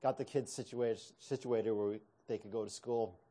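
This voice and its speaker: Mellow-voiced man telling a wry story. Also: on the low side, fairly even intonation, moderate pace. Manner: conversational, self-deprecating humor, frequent restarts. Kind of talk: personal story in a sermon.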